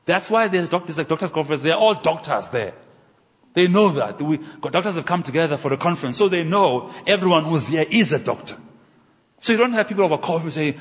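Husky preacher in a reverberant hall. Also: male voice, fairly high pitch, a little fast. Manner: animated, builds to emphatic near-shouts. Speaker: minister. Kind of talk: sermon. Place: church hall.

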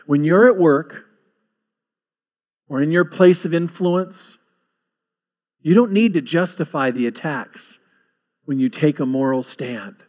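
A man's voice: a little high, takes it slowly, pauses often, darkish tone. A male pastor preaching a sermon, building emphasis with repeated phrases.

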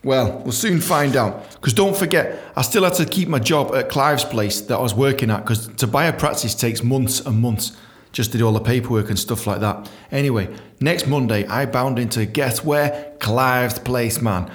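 A man telling a comic story from his own book, swearing a lot, laughing often and jumping into a squeaky high voice to act out his younger self. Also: moderate pace. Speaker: comedian reading his memoir. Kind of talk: casual storytelling with read-out chapter.

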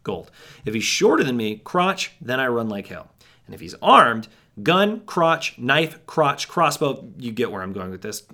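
A man's voice: mid-range voice, big pitch swings, unhurried, sharp tone, heavily acted. A man playing a jittery, paranoid young man, rambling with wry asides to the listener in a monologue. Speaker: first-person narrator. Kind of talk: monologue storytelling.

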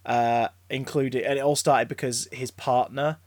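A man chatting casually as a podcast co-host, an excitable storyteller who rambles, stammers and restarts his sentences. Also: mid-range voice, moderate pace, dry recording. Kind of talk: casual chat.

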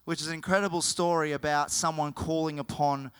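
A man preaching a sermon, telling the story in an animated way and often correcting himself mid-sentence. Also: a little high, a little fast, smooth. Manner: animated, with frequent self-corrections.

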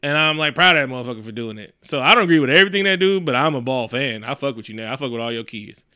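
A man co-hosting a casual podcast, telling stories in a profane, animated way and acting out the people he quotes. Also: mid-range voice, racing, clear, resonant tone, dry recording, clean studio sound. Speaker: podcast co-host. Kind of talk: casual chat.

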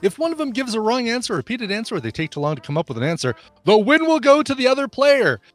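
A man co-hosting a casual podcast game show, explaining rules in a quick, joking way. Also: very high voice, big pitch swings, fairly bright tone, no room sound, faint music behind. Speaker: co-host.

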